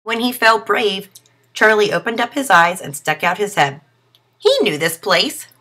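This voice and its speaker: Female storyteller for a kids' picture book: expressive read-aloud, bright and airy. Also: mid-range voice, a little slow. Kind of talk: reading a children's story aloud.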